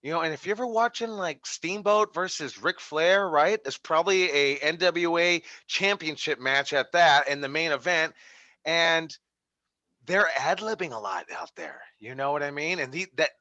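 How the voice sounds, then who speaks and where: A man's voice: fairly high pitch, moderate pace, pushed and bright, dry recording, muffled recording. A man teaching a wrestling class over a video call, giving feedback in a rambling way with many fillers and restarts. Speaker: wrestling instructor.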